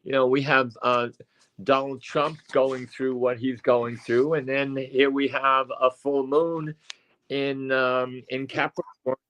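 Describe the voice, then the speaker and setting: Older male guest, slow and rambling, lots of restarts. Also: mid-range voice, little pitch movement, a bit bright. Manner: rambling, halting, many fillers and restarts. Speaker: psychic medium co-host. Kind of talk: casual chat. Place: at home.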